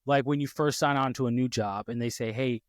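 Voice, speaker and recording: A man's voice: mid-range voice, brisk, dry recording, clean studio sound. A man hosting a podcast, telling a family story in casual chat, with lots of fillers and restarts, speaking from his home office. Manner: rambling, animated, many restarts and fillers. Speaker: podcast host.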